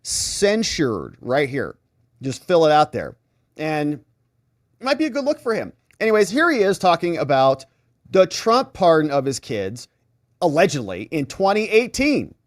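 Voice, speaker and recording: Animated sarcastic male commentary host. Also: on the high side, moderate pace, no room sound, studio quality. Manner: animated, sarcastic, mimics reactions. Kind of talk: casual commentary.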